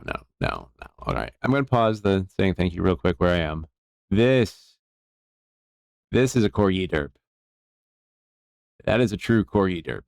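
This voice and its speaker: A man's voice: fairly low pitch, smooth, no room sound, studio quality. A man chatting casually on a live stream from his jewelry workbench, easygoing and rambling as he thanks viewers. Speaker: jeweler streaming bench work.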